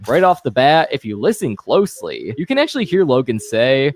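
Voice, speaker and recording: A man hosting a commentary video, walking through a timeline of online drama in a chatty, animated way. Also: on the high side, moderate pace, few pauses, slight background noise. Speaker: host. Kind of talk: commentary narration.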